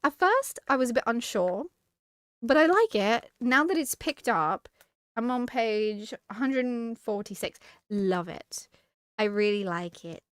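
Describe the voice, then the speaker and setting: A woman's voice: a little high, lively intonation, unhurried, a bit bright, clean tone, no room sound, studio quality. A young woman hosting a casual live stream, chatty and giggly as she greets her chat. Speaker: streamer hosting a book club.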